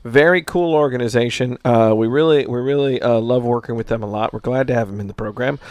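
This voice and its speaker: A man's voice: medium pitch, fast, darkish tone, no echo, lo-fi sound. A man co-hosting a casual podcast, upbeat and affirming as he talks through donations and plugs the show. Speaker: podcast co-host.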